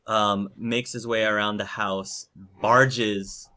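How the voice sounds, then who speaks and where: A man narrating a tabletop role-playing game as game master, slow and halting, with many fillers. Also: lowish voice, fairly even intonation, bright, forceful tone.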